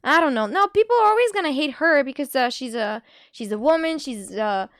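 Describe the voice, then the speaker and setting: A woman streams and chats casually with her viewers. Her voice sits high, and she laughs easily between quick asides, filling her sentences with "like." The sound is close and dry, with no room in it. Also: lively intonation, no echo. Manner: chatty, giggly, full of "like" and quick asides. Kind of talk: casual live-stream chat.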